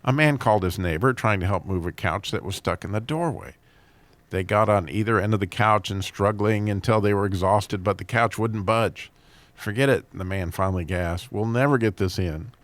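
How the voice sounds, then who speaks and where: A man with a low voice reads a string of jokes and funny stories, chuckling at his own punchlines. He jumps up in pitch whenever he quotes a character. The sound is dry and close, with little room around it. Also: normal speed, dry recording. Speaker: host.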